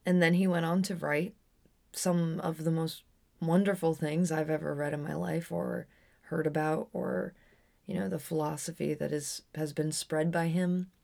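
A woman's voice: low voice, level tone, moderate pace, vocal fry, darkish tone. A young adult woman telling a personal story on her podcast in a candid, rambling way with frequent restarts. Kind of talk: casual storytelling monologue.

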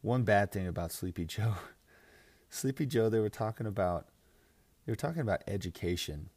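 A young man with a fairly low voice hosts a casual fantasy football podcast. He rants in a crude, mocking way, swearing freely and laughing often. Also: animated, moderate pace, darkish tone. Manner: crude, joking, mocking, frequent laughs and filler "like"; mimics others in exaggerated voices. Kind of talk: casual profane podcast rant.

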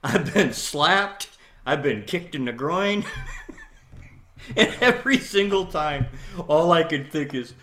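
A man in casual conversation, an animated storyteller who laughs often and jumps into loud, excited voices when quoting. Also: fairly high pitch, slow pace, long pauses. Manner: laughs often while talking.

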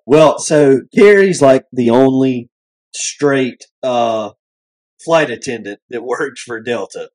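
A man's voice: mid-range voice, slow, a little mellow. A man co-hosting a podcast who tells a story in a hesitant, giggly way. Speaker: podcast co-host. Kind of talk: casual storytelling.

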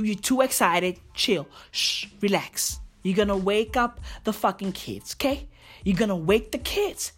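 A woman voicing a calm, bossy little girl who keeps hushing her excited parents in a low, quiet voice. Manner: low, hushed and shushing.

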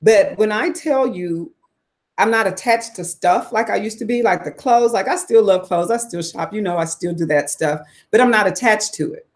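At a moderate pace, a woman in her forties from the Southern US candidly tells her personal story. Her delivery is expressive and full of swearing, with her voice going high for emphasis.

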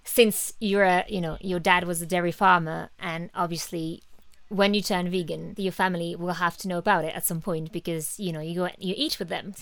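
A woman's voice: fairly low pitch, fairly even intonation, normal speed, no echo. A woman interviewing a guest, giving brief, encouraging responses between her questions.

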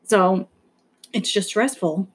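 A woman's voice: mid-range voice, slow, husky. A young woman from the New York area, co-hosting a podcast in casual chat, rambling anxiously and swearing now and then. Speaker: podcast co-host.

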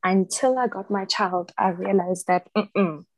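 A woman's voice: mid-range voice, unhurried, slight background noise, low-quality recording. A young woman talking frankly in a casual chat, laughing often and acting out what people said to her.

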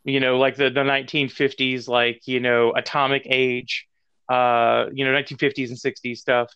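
A man's voice: mid-range voice, little pitch movement, normal speed, bright, forceful tone, smooth, no room sound. A man telling stories at length on a podcast, with many fillers and restarts. His mic sounds muffled and lo-fi, and the recording is dry and close. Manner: rambling, full of fillers, laughs. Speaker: podcast co-host. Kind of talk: casual chat.

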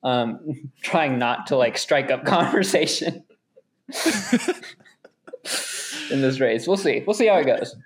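A man's voice: medium pitch, slow pace, pauses often. A young man, a runner guest, telling rambling stories in casual chat and laughing often.

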